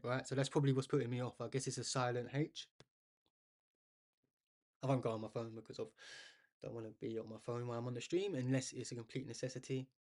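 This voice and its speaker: A man's voice: mid-range voice, darkish tone. A man commentating live on a chess game for a stream, chatting with viewers and thinking aloud as he goes.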